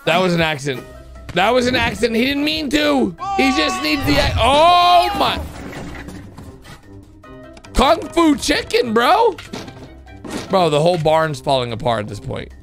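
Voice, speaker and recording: An excitable man reacts to animated clips, his voice leaping wildly from low to high as he exclaims and calls out to his viewers. Music plays clearly beneath his talk. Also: moderate pace, long pauses. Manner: excitable, exclamatory, talks to viewers as "bro" and "guys". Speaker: reaction video host.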